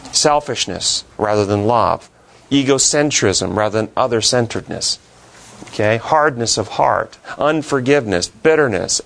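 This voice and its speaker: A man's voice: mid-range voice, creaky. A man teaching a classroom Bible lesson, asking the class questions and then answering them himself.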